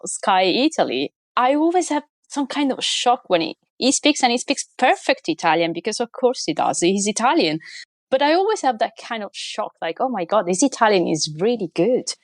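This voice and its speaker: A woman speaking as an interview guest in casual conversation, animated and talkative. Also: fairly high pitch, moderate pace, no echo. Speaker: guest, motorsport columnist.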